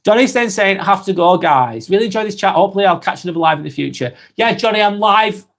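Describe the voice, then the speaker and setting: A man in his forties with an East Lancashire accent, hosting a live stream and reading out viewer comments in a slow, halting way with many ums. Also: sits high, lively intonation, creaky, a bit bright. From England. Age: 40s.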